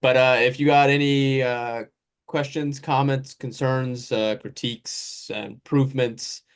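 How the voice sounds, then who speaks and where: A man hosting a relaxed sports podcast, with a voice that sits right in the middle of the usual range. He rambles along in a loose, conversational way, drifting through lists and side remarks as he goes. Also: mid-range voice, a little slow, clear, resonant tone. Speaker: podcast host. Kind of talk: casual sports podcast chat.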